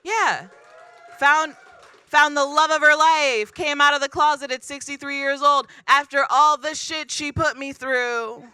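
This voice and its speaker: A woman doing stand-up comedy into a handheld mic, her voice high and very bright. The sound is close and dry, with little room around it. She delivers her jokes deadpan and self-deprecating. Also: unhurried, no echo. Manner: deadpan, self-deprecating, acts out quoted people. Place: comedy club stage.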